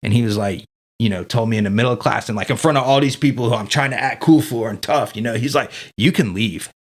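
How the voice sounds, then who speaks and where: A man's voice: medium pitch, fast. A man as a podcast guest telling his story in a casual, candid way, swearing freely and leaning on fillers like "dude" and "man".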